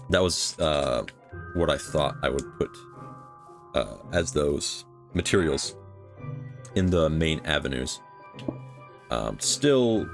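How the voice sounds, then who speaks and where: A man casually commenting on his building game for his own channel, rambling with many fillers and restarts. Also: extremely low pitch. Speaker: gaming channel host.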